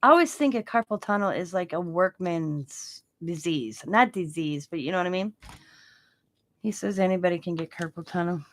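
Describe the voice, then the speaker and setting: Lady chatting away while crafting on a live stream, kinda low voice, rambles a lot. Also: moderate pace, no room sound. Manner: rambling, chatty storytelling with laughs. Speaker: craft channel host.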